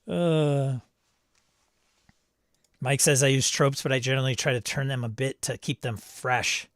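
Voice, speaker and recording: A man's voice: medium pitch, steady tone, slow pace, pauses often, a bit bright, no echo, studio quality. A man hosting a live stream, chatting casually, reading viewer comments aloud and laughing often. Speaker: livestream host reading chat. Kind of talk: casual chat.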